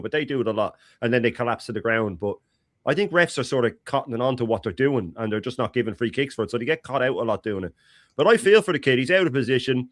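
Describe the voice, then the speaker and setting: A man's voice: mid-range voice, a bit bright, dry recording. Opinionated man, dry sound. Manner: opinionated, talks in long runs. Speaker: podcast co-host. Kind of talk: casual football chat.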